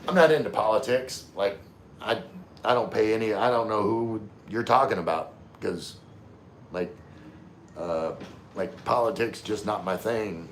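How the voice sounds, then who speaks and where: A man from Louisiana, hosting a casual livestream and answering chat comments in a halting, laid-back way with many fillers. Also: lowish voice, a little hiss or hum. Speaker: livestream host. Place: room in the Philippines. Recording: echoey room, faint ambience.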